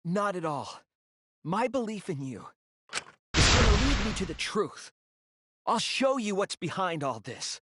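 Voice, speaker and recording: An actor voicing an earnest teenage boy detective in a video game, speaking in a soft-spoken way. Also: high-pitched, very animated, measured pace, long pauses, very noisy. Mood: resolute.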